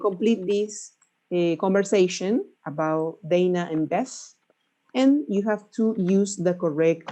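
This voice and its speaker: A woman's voice: mid-range voice, mellow, rough recording. A woman teaching an English class, patiently explaining stress and checking in with her students again and again. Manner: patient, checks in often with "right?".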